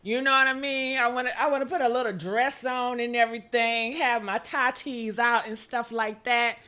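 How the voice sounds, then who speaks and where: A high-pitched woman with a bright, sharp tone hosts a chatty gossip stream. She talks straight to her viewers and keeps calling them honey. She breaks into sudden whooping cries. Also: fairly even intonation, moderate pace. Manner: exclamatory, calls out to viewers with "honey" and "okay?". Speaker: gossip show host. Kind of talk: casual livestream gossip chat.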